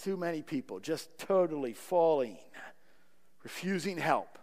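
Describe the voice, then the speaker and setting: Male pastor, high voice, earnest pleading sermon delivery, long hall reverb. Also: sing-song, measured pace, a little mellow. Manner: earnest, pleading, repeats words.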